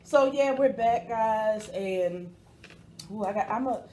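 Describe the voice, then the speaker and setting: A woman's voice: on the high side, slow pace, a little mellow, slight background noise. A woman from Baltimore chatting to camera as a vlog host, cursing freely and talking straight to her viewers. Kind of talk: casual chat to camera.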